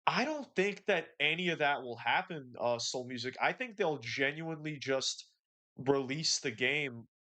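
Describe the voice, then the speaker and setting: A man's voice: a little high, expressive, a little slow, pushed and bright. Laid-back slangy man hosting a livestream. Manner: laid-back and slangy, reads out and answers chat. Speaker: livestream host. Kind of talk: casual livestream chat.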